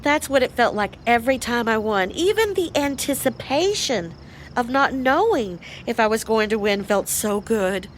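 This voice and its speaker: A weary, downcast young woman , played by an actress in an audio drama. Her high voice is soft and hushed. Faint hiss and crickets sit behind her. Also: expressive, normal speed, lightly acted. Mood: wistful. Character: downcast, broke young woman with a gambling habit.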